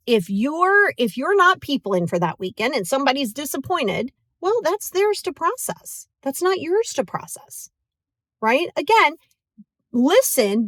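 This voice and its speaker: Woman, podcast host, higher-pitched voice, casual motivational talk, animated, dry close sound. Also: no echo. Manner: animated, acts out quoted voices; casual, filler-heavy, checks in with "right?".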